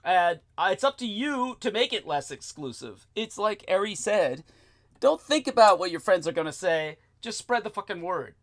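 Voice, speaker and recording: A man's voice: sits high, big pitch swings, normal speed, fairly bright tone. A man hosting a casual talk show, lecturing in a rambling, profane way with lots of fillers. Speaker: host.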